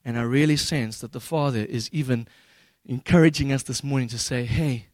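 A man preaching a sermon as pastor, retelling scripture in a relaxed, humorous way with slangy paraphrases. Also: medium pitch, brisk, dry recording.

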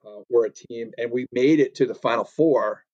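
A man's voice: mid-range voice, normal speed, a little mellow, no echo, dull audio. A man co-hosting a casual chat, rambling with many fillers and frequent laughter. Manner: laughs often, loose filler-heavy talk. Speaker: podcast co-host.

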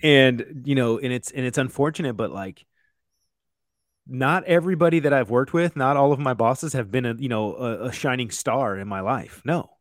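In a medium-pitched voice at a moderate pace, a chef in his thirties chats easily through his stories, often saying "like" and "you know" and swearing now and then. It's studio-quality audio without echo.

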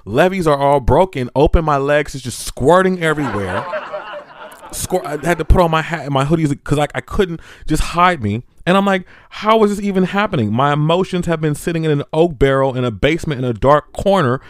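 A man hosting a podcast, telling a personal story in a lively, laughing, foul-mouthed monologue that climbs high and loud when he retells his panic. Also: a little fast, no echo, studio quality. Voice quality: animated, laughing, swearing freely. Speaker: podcast host.

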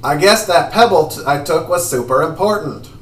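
A man's voice: a little high, lively intonation, moderate pace, a bit bright. A man voicing a sneering, giggly small male bandit, heard in an echoey room. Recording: echoey room, distant mic.

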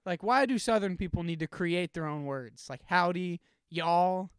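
A young man co-hosting a podcast in casual chat, playful and quick to laugh. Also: high-pitched, smooth, no echo, clean studio sound. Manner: playful, laughs often, acts out quoted greetings. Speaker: podcast co-host.

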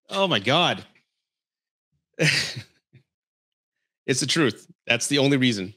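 A male podcast host in a casual, heated rant about dating. He talks bluntly and swears freely, scolding his listeners and breaking into laughter. His voice sits at an ordinary pitch for a man. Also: wildly swooping pitch, takes it slowly, pauses often, bright, forceful tone. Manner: blunt and profane, laughs often.

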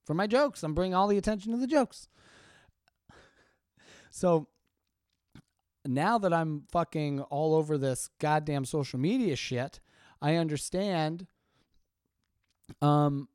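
A man's voice: a little high, slow, pauses often, clean tone, no room sound, clean studio sound. A man hosting a podcast, ranting casually with lots of swearing and short laughs. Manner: profane, sardonic rant with frequent laughs. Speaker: podcast host and stand-up comedian.

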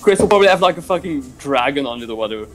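A young man with a high, lively voice chats loosely with friends on a stream. He jokes around and laughs often, and his pitch climbs and drops a lot. Faint music plays behind him. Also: racing. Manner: laughs a lot, playful and jokey. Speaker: stream co-host. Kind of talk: casual group chat.

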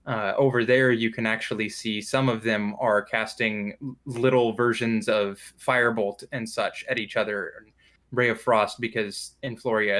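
Male game master narrating a tabletop game, relaxed and descriptive. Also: fairly low pitch. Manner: loose, descriptive, with fillers and restarts.

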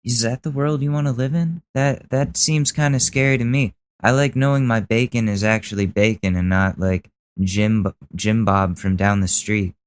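A young man hosts a podcast and reacts to clips with casual, sarcastic commentary that turns into a rant. His voice sits a little low, and he talks loosely with plenty of asides. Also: steady tone, moderate pace, smooth. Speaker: podcast host.

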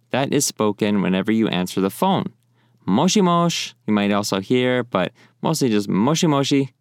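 Casual young male teacher, resonant low voice, patient and chatty. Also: darkish tone, no room sound, studio quality. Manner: friendly, repeats phrases slowly and clearly. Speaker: language teacher. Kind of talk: casual spoken lesson.

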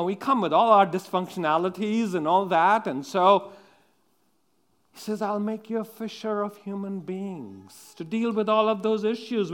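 A man preaching a sermon in a halting, conversational way, with many restarts, asking his listeners direct questions. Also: sits high, a bit bright.

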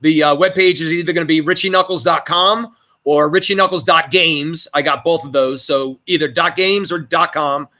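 Middle-aged male guest, high bright voice, blunt and profane, emotional delivery. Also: fairly even intonation, normal speed. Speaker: guest, arcade owner. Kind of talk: emotional storytelling in a podcast interview.

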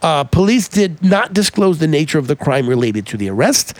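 A man's voice: a little high, sing-song, moderate pace, darkish tone, dry recording. A man co-hosting a podcast in casual chat, loose and profane, with lots of fillers and restarts. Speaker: podcast co-host.

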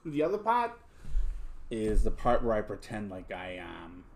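A man's voice: fairly low pitch, wildly swooping pitch, measured pace, creaky, slight background noise. A young man hosting a podcast, telling crude stories in casual chat, full of swearing and fillers. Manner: crude, profane storytelling with lots of fillers. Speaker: podcast host.

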